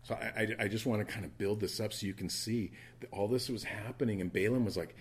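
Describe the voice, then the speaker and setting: A male pastor delivering a sermon in a church, telling a Bible story with animated asides and quick character voices. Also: fairly low pitch, a little hiss or hum.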